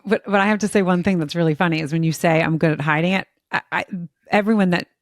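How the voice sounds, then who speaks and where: A woman's voice: lowish voice, fast talker, dry recording, clean studio sound. A woman in her forties, a mother and podcast co-host, chatting in an open, emotional way and laughing often. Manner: talkative, expressive, laughs often. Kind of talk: casual emotional chat.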